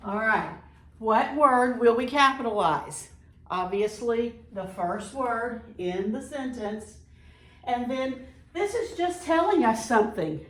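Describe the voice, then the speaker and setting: A woman's voice: on the high side, expressive, a bit bright. Woman teacher, patient, careful reading aloud, echoey room, distant mic. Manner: slow, patient, reads sentences aloud carefully. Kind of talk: recorded classroom lesson.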